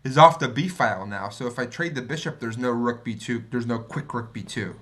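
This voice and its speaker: A man streaming himself playing chess, thinking aloud and muttering to himself, sometimes mocking his own mistakes and getting excited. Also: medium pitch, brisk. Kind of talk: thinking aloud while playing and reviewing a game.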